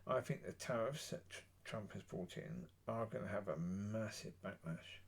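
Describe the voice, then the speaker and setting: A man giving a blunt, opinionated solo monologue, rambling with pauses. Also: lowish voice, lively intonation, gravelly, slightly rough. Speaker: political commentator.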